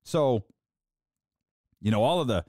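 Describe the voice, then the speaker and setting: A man's voice: mid-range voice, animated, takes it slowly, darkish tone, dry recording, studio quality. A man hosting a sports podcast, ranting casually and mocking fans in a raised voice.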